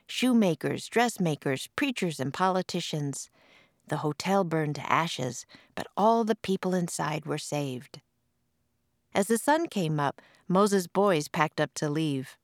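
A woman reads a storybook aloud, her voice sitting a little low. She is expressive and lively, and the recording is dry and close with no room sound. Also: no echo. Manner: expressive, puts on voices for quoted lines. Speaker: author and narrator.

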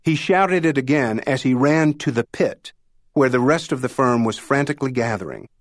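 A man narrating a novel in a measured storytelling delivery. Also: medium pitch, expressive, no room sound, studio quality. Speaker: audiobook narrator. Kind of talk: scripted narration.

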